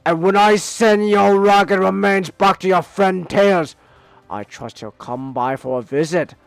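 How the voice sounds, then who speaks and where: A man reads as a gloating robot crocodile warden who lords it over his captives in a comic reading. The voice sits a bit high and is recorded dry and close. Faint music plays behind him. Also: unhurried, creaky, smooth, no echo. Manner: gloating villain monologue read aloud. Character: boastful male robot crocodile prison warden. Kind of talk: comic read aloud by a streamer.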